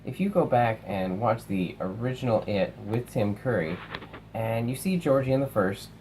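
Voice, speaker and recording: A young man casually reviewing films, animated, swearing and acting out lines from movies. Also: fairly low pitch, normal speed, slight background noise, poor audio. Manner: animated, swears, acts out quotes. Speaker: film reviewer.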